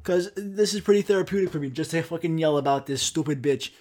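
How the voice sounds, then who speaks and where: A man's voice: on the high side, fast talker, a little mellow. A young man hosting a solo podcast, ranting in a profane, exasperated way and acting out the customers and himself in quoted dialogue. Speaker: podcast host. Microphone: studio microphone.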